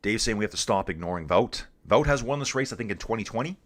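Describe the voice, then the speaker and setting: Laid-back low-voiced man calling everyone dude. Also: expressive, fast, a bit bright. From Canada. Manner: laid-back, calls everyone dude, reads chat aloud. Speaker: live stream host. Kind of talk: casual live race commentary and chat.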